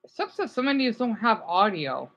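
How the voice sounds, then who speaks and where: A man chatting casually on a live stream, reacting to viewer comments in a rambling, animated way. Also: high-pitched, normal speed, muffled recording. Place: home room, keeping voice down.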